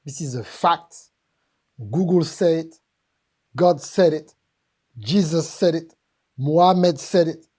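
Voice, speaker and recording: A woman's voice: low voice, slow, long pauses, mellow, husky. A woman with a French accent giving a live seminar talk on business, emphatic and joking as she addresses the audience directly. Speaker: business speaker.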